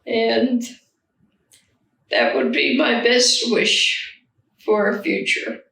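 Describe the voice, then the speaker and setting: Slow, gravelly woman in a roomy space. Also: on the high side, steady tone, bright, forceful tone. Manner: slow, reflective, measured. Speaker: caregiver of a spouse. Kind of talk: interview testimony. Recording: roomy sound, distant mic.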